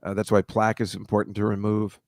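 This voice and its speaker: A man's voice: on the low side, monotone, fast talker, a little mellow, dry recording. Rambling joking man on a live stream. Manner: rambling, self-deprecating joker. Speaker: podcast regular co-host. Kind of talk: casual live-stream chat.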